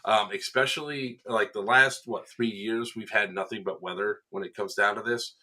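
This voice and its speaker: Lively man telling airsoft stories. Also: fairly low pitch, moderate pace. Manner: animated storyteller, acts out quotes with laughs. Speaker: event staff member recounting a game. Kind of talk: casual podcast chat.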